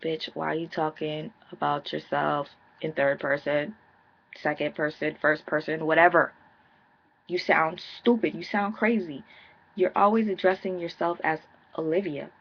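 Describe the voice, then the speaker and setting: A woman's voice: deep voice, steady tone, measured pace, gravelly, lo-fi sound. A woman in her thirties recapping a reality show episode in a blunt, sassy, profane way. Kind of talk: casual vlog recap.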